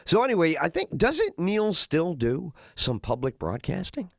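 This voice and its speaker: A man's voice: on the high side, huge pitch swings, a little slow, creaky, no room sound, clean studio sound. A middle-aged man hosting a radio talk show, rambling through a casual monologue and now and then acting out other people's voices.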